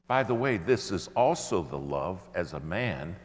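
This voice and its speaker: A man preaches to a congregation in a long, ringing hall, with faint hiss under him. His voice sits fairly low but swings widely in pitch as he tells stories and acts out quotes. He leans on dramatic pauses. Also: sing-song. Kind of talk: sermon. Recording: reverberant hall with faint noise.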